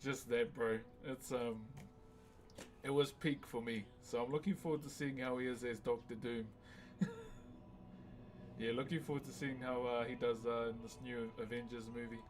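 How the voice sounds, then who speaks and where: A man's voice: medium pitch, steady tone, moderate pace. A young man chatting casually on a live stream, laid-back and slangy, laughing often.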